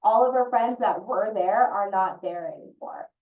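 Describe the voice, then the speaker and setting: A woman's voice: mid-range voice, moderate pace, dull audio. Earnest woman on a roomy distant mic. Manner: earnest, personal, heartfelt. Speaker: early childhood consultant and parent. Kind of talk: presenting in an online training session.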